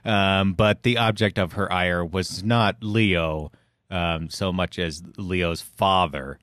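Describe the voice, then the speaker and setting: Middle-aged guy with a low voice, casual chat, dry room, kinda wry. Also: fairly even intonation, takes it slowly, a bit bright, no room sound.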